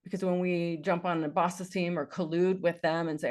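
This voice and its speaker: A woman's voice: fairly low pitch, fairly even intonation, normal speed, darkish tone. A woman life coach giving an earnest, encouraging talk, repeating phrases for emphasis.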